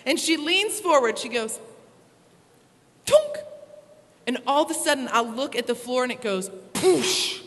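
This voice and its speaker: Young woman speaker telling a story, high bright voice, big echoey hall. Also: brisk, hardly any pauses. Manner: animated, acts out voices and sound effects. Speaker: motivational speaker. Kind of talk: youth talk with storytelling. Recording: live hall reverb.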